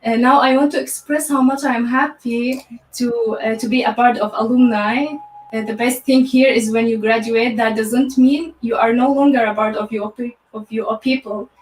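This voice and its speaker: Halting Syrian woman, echoey and distant. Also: fairly high pitch, steady tone, a little hiss or hum. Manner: halting, with many restarts and repeated words. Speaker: graduate guest. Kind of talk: live online interview.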